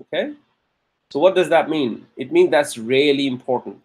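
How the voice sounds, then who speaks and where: A man teaching Arabic grammar in a classroom lecture, patiently checking in with frequent "okay?" and slowing down to stress key terms. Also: mid-range voice, a little mellow, breathy edge.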